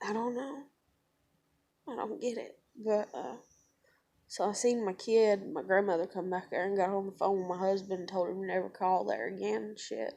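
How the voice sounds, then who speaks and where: A woman's voice: mid-range voice, steady tone, moderate pace, gravelly, dark tone. A young woman, telling a personal story to camera in a blunt, profane, conversational way. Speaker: vlogger.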